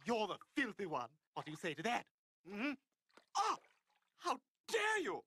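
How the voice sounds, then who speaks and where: A loud, dim-witted cartoon dad, with a bright, brassy tone and a pitch that swings all over the place. He squabbles like a child. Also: wildly swooping pitch, measured pace, husky, exaggerated voice. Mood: bickering. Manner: childish, bickering. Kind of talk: cartoon voice acting.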